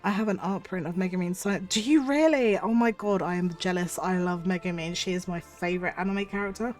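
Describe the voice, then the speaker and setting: A woman streamer with a cold chats casually and effusively to her viewers. Her voice is husky from the cold. Faint music plays in the background. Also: fairly low pitch, brisk. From United Kingdom. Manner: chatty and effusive, thanks viewers warmly. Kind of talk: casual livestream chat.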